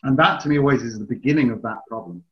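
A man's voice: mid-range voice, expressive, quick pace. A man hosting a casual chat, a dog trainer who explains his advice at length in a chatty way. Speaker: dog trainer, podcast host. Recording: slightly dull, lo-fi sound.

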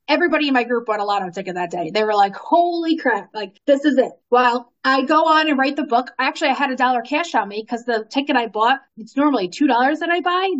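A woman telling a long story in casual conversation, animated, laughing often and using lots of fillers. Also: fairly high pitch, highs cut off. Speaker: guest.

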